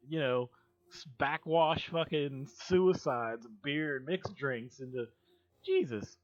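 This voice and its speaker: A man's voice: on the high side, muffled recording. A man hosting a livestream, telling stories in a rambling, profane, casual way with laughing asides. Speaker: livestream host. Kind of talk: casual storytelling chat.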